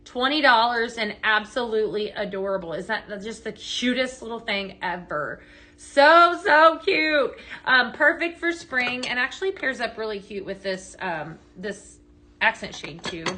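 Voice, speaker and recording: A woman's voice: mid-range voice, normal speed, pushed and bright. A woman hosting a live product sale, chatting in an upbeat way with many fillers and tag questions as she shows items at a table. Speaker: live sale host for a home fragrance brand. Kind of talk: live shopping demo.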